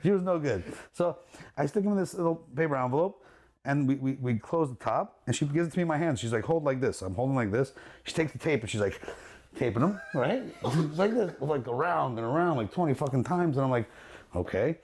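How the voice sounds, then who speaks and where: A man, a luxury jewelry dealer, telling a story in a casual podcast chat, animated and profane, acting out the quotes and laughing as he goes. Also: a little high, a little fast. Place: his jewelry store.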